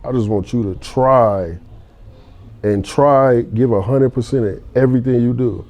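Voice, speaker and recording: A man's voice: mid-range voice, measured pace, warm tone, faint music behind. A man, a podcast guest, telling earnest personal stories in casual chat and acting out what others said. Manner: earnest storytelling, acts out quotes.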